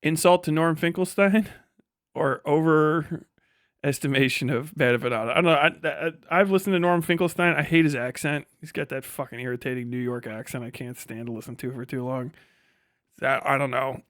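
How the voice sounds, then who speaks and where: A man's voice: medium pitch, normal speed, fairly bright tone, no room sound, studio quality. A man from Wisconsin, ranting bluntly and swearing as a live streamer. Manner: blunt, sweary, laughs mid-sentence. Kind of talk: casual profane rant reacting to a video.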